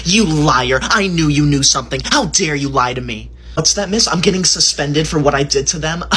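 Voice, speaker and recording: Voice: mid-range voice, lively intonation, normal speed, fairly bright tone, husky. A performer playing an entitled, bossy schoolkid in a comedy skit, talking in a haughty, scolding, mock-formal way. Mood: indignant, bossy. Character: bossy entitled schoolkid who bullies classmates. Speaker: content creator.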